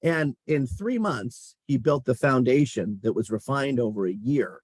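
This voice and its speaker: A man's voice: mid-range voice, a little slow, no room sound. A middle-aged man, a company chief executive, telling stories about his career in a casual interview and chuckling as he talks. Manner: animated storyteller, chuckles while talking.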